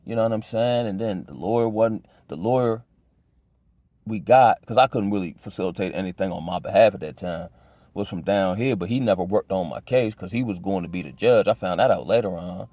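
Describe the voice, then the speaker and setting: A man giving a casual personal testimony, talking loosely in street slang with many restarts, his pitch jumping high when he gets worked up. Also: fairly quick, mellow, no echo. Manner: conversational, loose street slang, many restarts and "you know what I'm saying"; emotional, pitch jumps high when agitated.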